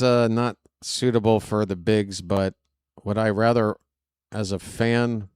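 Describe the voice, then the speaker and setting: Excitable fan calling a ballgame. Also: male voice, lowish voice, clean tone, dry recording, studio quality. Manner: excitable, shouts on big plays, rambling asides. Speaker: fan play-by-play streamer. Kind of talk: fan play-by-play commentary.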